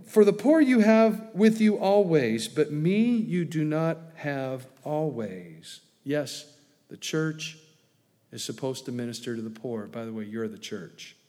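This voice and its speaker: A pastor preaches in an easy, conversational way, slipping in wry asides and playful acted quotes. His voice sits a little high for a man. The sound carries the long ring of a church hall. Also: lively intonation, unhurried, dark tone. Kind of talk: sermon.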